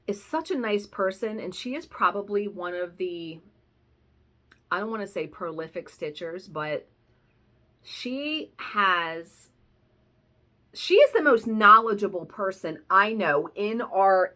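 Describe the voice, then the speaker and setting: A woman's voice: medium pitch, bright, forceful tone. A woman vlogger telling a story in a casual, chatty way, swearing now and then. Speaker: cross-stitch vlogger.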